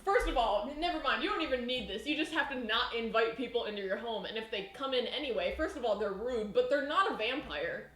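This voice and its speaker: A woman's voice: on the high side, expressive, fairly quick, few pauses, a bit bright, slight background noise. A woman chatting casually on a live cooking stream in her home kitchen, rambling and laughing often. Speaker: baking streamer. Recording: echoey room.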